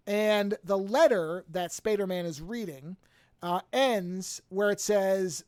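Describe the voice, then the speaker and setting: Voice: medium pitch, slow pace, no echo. Podcast host rattling through a movie plot, doing little voices for quotes, dry close mic. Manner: animated, acts out quotes with shifting voices. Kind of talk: casual retelling of a movie plot.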